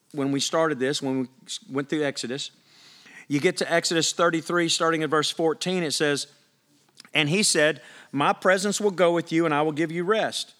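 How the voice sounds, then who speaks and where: A man preaching a sermon, his voice sitting a little above the usual male pitch. He talks to the congregation conversationally, reading scripture aloud and pressing his points with emphatic questions. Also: a bit bright. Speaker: pastor.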